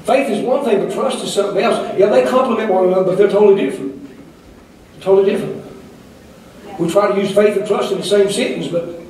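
A man's voice: high-pitched, a little fast, a little mellow. Older man preaching a fiery sermon. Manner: fiery, rhythmic preaching with repeated calls. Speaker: pastor. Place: church sanctuary. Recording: echoey distant room recording.

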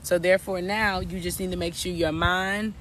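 A man's voice: sits high, flat delivery, normal speed, fairly bright tone, slight background noise. A man working as a spiritual coach, giving a casual, preachy reading to viewers and repeating his points. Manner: preachy, repetitive, addresses viewers as y'all.

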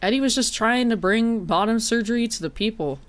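A woman's voice: fairly high pitch, fairly quick. A woman streaming a horror game in casual chat, jokey and swearing, breaking into mock-dramatic wailing.

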